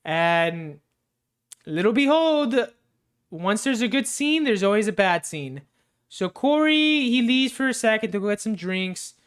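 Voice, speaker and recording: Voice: mid-range voice, big pitch swings, unhurried, clear, resonant tone. A movie reviewer casually recapping a film with spoilers, rambling loosely with lots of fillers, restarts and swearing.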